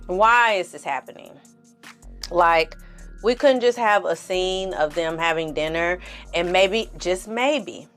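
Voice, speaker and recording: Sassy lady vlogger ranting about a tv episode, faint music in the back. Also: mid-range voice. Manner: sassy, expressive, acts out scenes in funny voices. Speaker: film and TV reviewer. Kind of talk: casual review vlog.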